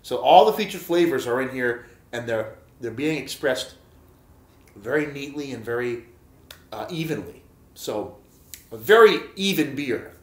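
A man's voice: medium pitch, animated, measured pace, reverberant. A man reviewing beer in a casual, chatty vlog, enthusiastic and talking straight to his viewers. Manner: enthusiastic, chatty, repeats himself and addresses viewers as guys.

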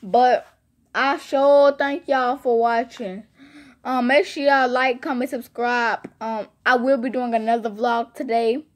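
A woman vlogger with a slightly high voice keeps a measured pace while rambling through a casual story for her audience. Animated and talking directly to viewers, she repeats phrases for emphasis.

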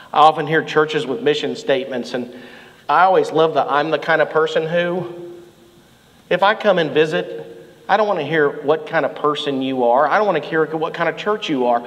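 A middle-aged man preaching a sermon as pastor, telling animated stories and shouting out the lines he quotes. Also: medium pitch, long reverb tail, low-quality recording. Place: church sanctuary.

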